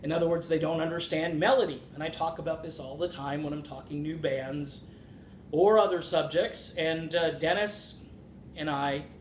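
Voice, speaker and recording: Animated man with a fairly high voice. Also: moderate pace. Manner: animated, opinionated, sarcastic asides. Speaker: music commentary channel host. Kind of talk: casual opinion commentary. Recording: echoey room with faint rumble.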